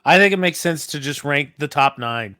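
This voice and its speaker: A man's voice: on the high side, expressive, normal speed, pushed and bright, clear, resonant tone, dry recording, clean studio sound, faint music behind. A young man co-hosting a live stream, who also hosts a radio show, joking easily with his co-host. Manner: easygoing, teasing banter. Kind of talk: casual live-stream chat.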